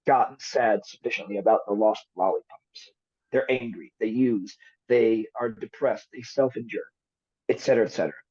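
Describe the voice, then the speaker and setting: Husky, animated psychologist explaining therapy. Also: male voice, medium pitch. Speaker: psychologist guest. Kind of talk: podcast interview. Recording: dull lo-fi recording.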